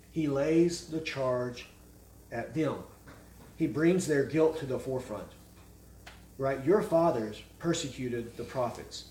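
A man preaching an expository sermon, forceful and emphatic, firing off rhetorical questions. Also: medium pitch, a little slow, slight background noise. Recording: echoey room, mic at a distance.

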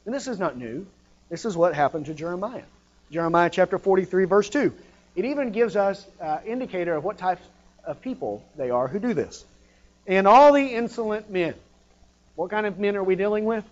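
Impassioned high-voiced male preacher. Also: dull audio. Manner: impassioned, rising to loud emphatic peaks then dropping low. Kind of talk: sermon.

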